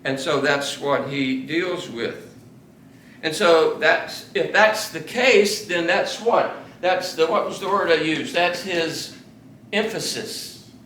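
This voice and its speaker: A man teaches a small Bible study group in a relaxed, talkative way, circling back on his words and quizzing the class. His voice is bright and sits a bit high. The room is echoey, with a faint hiss behind him. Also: slow pace, far from the mic. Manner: conversational, repeats and restarts, asks the class questions.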